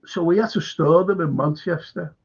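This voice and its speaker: This Liverpool-accented streamer tells a wandering, heated story to his live audience, swearing throughout in a casual rant. His fairly high voice has a breathy edge and a moderate pace, and the recording loses its highs.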